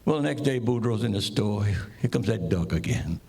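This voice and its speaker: A man's voice: fairly low pitch, lively intonation, moderate pace, a little mellow, breathy edge. A man telling jokes to an audience, who chuckles at his own punchlines. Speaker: joke teller.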